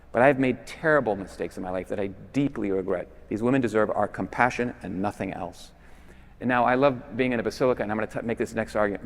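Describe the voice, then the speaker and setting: A man giving a persuasive conference talk with emphatic stresses that drop to quiet endings. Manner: emphatic, with swings between loud stresses and low, quiet endings. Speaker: conference speaker. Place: large basilica. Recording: long reverb in a big church.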